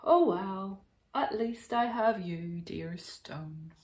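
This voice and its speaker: A woman's voice: mid-range voice, extremely slow, a little mellow, reverberant. A woman voicing a lonely, timid young male bear in a storybook reading, wistful and stammering when scared.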